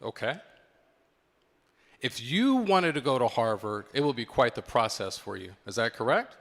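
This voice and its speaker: Male keynote speaker, mid pitch, engaging and interactive, long hall reverb. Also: sing-song, normal speed, fairly bright tone. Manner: engaging, quizzes the audience. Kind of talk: motivational talk to a live audience. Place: conference hall with live audience.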